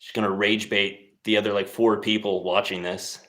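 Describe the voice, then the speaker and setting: A man's voice: fairly low pitch, level tone, normal speed, fairly bright tone. A young man hosting a live stream, chatting casually between workout sets and teasing his viewers in a laid-back, motivational way. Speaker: livestream host.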